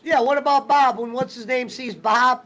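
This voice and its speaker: Very high-voiced man ranting casually. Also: steady tone, moderate pace, pushed and bright, low-quality recording. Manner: profane, rambling storyteller. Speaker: streamer host. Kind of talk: casual chat.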